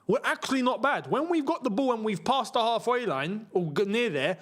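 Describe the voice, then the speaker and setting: Animated young football fan. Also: male voice, high voice, brisk. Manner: frustrated, animated, swings between muttering and shouting. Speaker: football watchalong host. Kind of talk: live match watchalong commentary.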